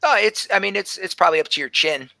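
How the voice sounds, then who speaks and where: Male game master, mid-pitched, bright and gravelly, narrating a tabletop scene casually. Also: quick pace, dry recording, poor audio. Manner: loose, filler-heavy description.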